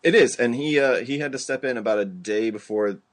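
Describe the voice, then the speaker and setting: A man's voice: mid-range voice, fairly quick. A man co-hosting a casual movie review podcast, making dry, wry asides. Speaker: podcast co-host.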